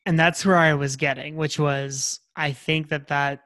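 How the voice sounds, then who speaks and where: A man with a slightly high voice, talking as a podcast co-host in a dry, close recording. He rambles earnestly and casually, circling back on his points with restarts. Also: level tone, unhurried, bright, forceful tone, dry recording. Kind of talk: casual chat recapping a reality show.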